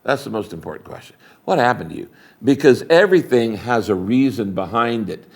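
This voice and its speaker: Older man, pastor being interviewed, emphatic, preacherly, animated storytelling, middle-pitched voice. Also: fairly quick, creaky. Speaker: retiring megachurch pastor, interview guest.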